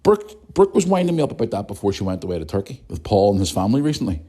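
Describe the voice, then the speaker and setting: A blunt Northern Irish man in his thirties hosts a podcast and rants freely, with swearing scattered through his casual talk. His voice sits low and sounds dark and mellow. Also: very animated, racing. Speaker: podcast host. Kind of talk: casual ranting monologue.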